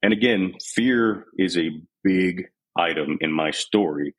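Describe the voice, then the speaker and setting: Very deep husky man from Texas. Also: unhurried, low-quality recording. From San Antonio, Texas, USA. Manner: frank, unguarded, retells scenes in quoted voices. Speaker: podcast guest, army veteran. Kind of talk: candid storytelling interview.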